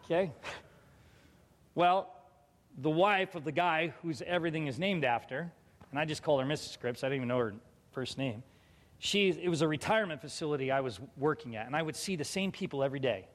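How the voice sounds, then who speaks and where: A man's voice: on the high side, brisk. Emotional man telling a story, echoing hall. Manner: emotional, animated, quotes people in dialogue. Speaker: pastor telling a personal story. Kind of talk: storytelling testimony.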